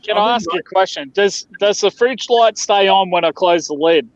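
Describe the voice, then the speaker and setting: A man's voice: high-pitched, normal speed, dry recording. A man with an Australian accent, joking and laughing in a casual live stream chat. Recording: dull dry lo-fi sound.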